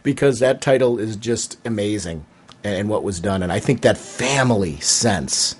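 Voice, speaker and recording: A man's voice: fairly low pitch, expressive, normal speed, slight background noise. A man co-hosting a comics podcast, talking in casual chat, enthusiastic with hesitant restarts. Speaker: podcast co-host.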